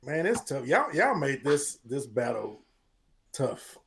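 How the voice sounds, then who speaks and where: Deliberating man with a bright voice. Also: mid-range voice, very animated, takes it slowly, creaky. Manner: torn, deliberating aloud. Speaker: panelist. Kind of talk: casual panel chat.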